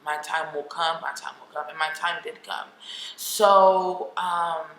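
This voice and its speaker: A woman's voice: low-pitched, steady tone, a little slow, fairly bright tone. A young adult woman vlogger telling a personal story candidly and emotionally, with lots of "like" fillers. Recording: echoey room with faint noise.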